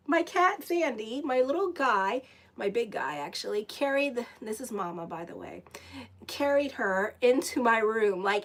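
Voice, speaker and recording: A woman reading tarot cards in a relaxed, chatty way, often breaking off to talk to viewers and to her pets. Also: high voice, a little slow. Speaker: astrologer and tarot reader. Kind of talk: casual live tarot reading.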